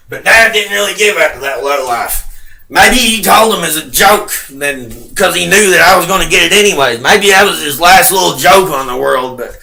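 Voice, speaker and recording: A man's voice: on the high side, vocal fry, reverberant, far from the mic, rough recording. A man ranting angrily and profanely to the camera, bitter and mocking. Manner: shouting and sing-song chanting. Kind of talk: angry rambling rant to camera.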